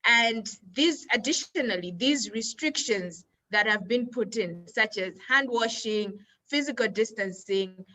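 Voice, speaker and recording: A woman on a panel explains her points in a measured, steady way. Her voice is bright and clear and sits a little high for a woman. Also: a little hiss or hum, low-quality recording. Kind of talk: panel discussion.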